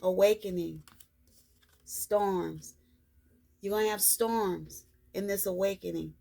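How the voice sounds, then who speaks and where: A woman reads oracle cards for her viewers in an unhurried, drawn-out way, leaning on the same reassuring phrases again and again. Her voice has a gravelly, creaky edge, and her pitch sits in an ordinary middle range. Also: fairly even intonation, dark tone. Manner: slow, repetitive, reassuring delivery. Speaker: spiritual card reader. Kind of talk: tarot-style card reading vlog.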